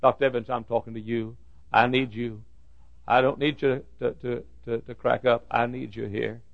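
A man's voice: medium pitch, little pitch movement, normal speed, gravelly, no echo. A man preaching to school staff in a folksy sermon, telling humorous stories with self-deprecating asides. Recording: dull lo-fi recording.

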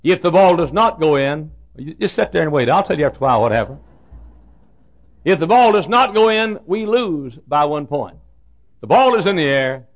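A male pastor tells a story from the pulpit in a folksy, animated way. His voice sits high and swings widely in pitch, with a gravelly edge. The recording sounds dull and lo-fi. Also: normal speed. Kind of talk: storytelling sermon.

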